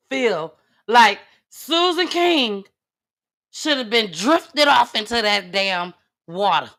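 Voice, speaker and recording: A woman's voice: fairly high pitch, sharp tone. A woman host giving blunt, outspoken commentary in on a live talk show.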